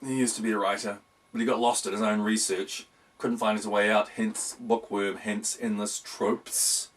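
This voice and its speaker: A man voicing a gravelly, brisk woman who runs an odd publishing company, brushing things off. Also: fairly low pitch, little pitch movement, lightly acted. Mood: dismissive. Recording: voice distant from the mic.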